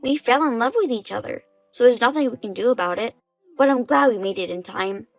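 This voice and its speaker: A young bride-to-be voiced by a woman talks in a smug, untroubled way. Nothing seems to shame her. Soft music plays behind. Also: fairly high pitch, fairly quick, vocal fry, low-quality recording. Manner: smug, unbothered.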